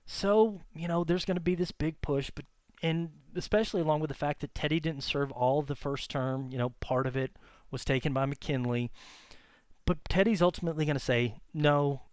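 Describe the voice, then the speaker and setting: A man teaches history in a loose, chatty lecture, often pausing on fillers and correcting himself mid-sentence. His voice is smooth and clear, at a middle pitch, and recorded close and dry with no room sound. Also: a little mellow, no echo. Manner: casual and conversational, many fillers and self-corrections.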